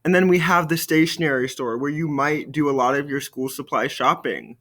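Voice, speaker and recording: A man teaching a recorded French lesson, explaining in friendly classroom English and slowly modelling French phrases for students to repeat. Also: on the high side, fairly bright tone. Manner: slow call-and-repeat drills with careful French phrases.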